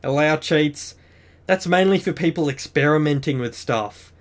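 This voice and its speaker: A man with a fairly high voice hosts a game tutorial. He chats casually and keeps an upbeat tone while walking the listener through each setting one step at a time. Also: normal speed. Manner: chatty, upbeat, explains step by step. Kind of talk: screen-recorded game walkthrough.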